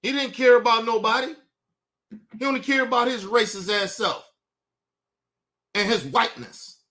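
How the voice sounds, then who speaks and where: A male show host giving a heated, profane commentary rant, swinging from low muttering to shouting. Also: moderate pace.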